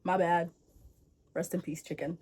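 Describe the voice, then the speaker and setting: A woman's voice: on the low side, level tone, a little slow, a little mellow, breathy edge, pitched below the performer's own voice. A brash boy prince talks back in slang, cocky and defiant, as a young woman voices him in a comic folktale retelling. His voice stays close to her own everyday one.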